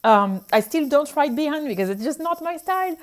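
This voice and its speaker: Animated French-accented woman telling stories. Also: sits high, fairly quick. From France. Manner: animated storytelling, acts out her own past reactions. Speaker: physician sharing her experiences. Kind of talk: casual chat.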